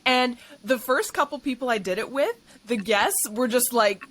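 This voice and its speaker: A woman's voice: high voice, big pitch swings, moderate pace, fairly bright tone, a little hiss or hum. A woman with a West Coast Canadian accent hosting a podcast, effusive and enthusiastic, laughing easily. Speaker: podcast host. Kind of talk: podcast intro and interview chat.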